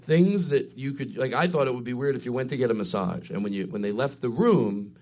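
Joking, profane comedy host. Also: male voice, medium pitch. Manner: loud, joking, profane, fast riffing. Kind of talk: live comedy chat.

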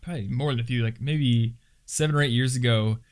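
A young man hosting a casual podcast, chatty and quick to laugh, with lots of fillers. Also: medium pitch. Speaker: podcast host and YouTuber.

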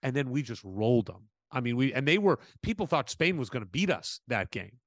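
Man, podcast co-host, lively storyteller, casual chat, dry close sound. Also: mid-range voice, brisk, no room sound. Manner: animated storyteller, acts out quotes.

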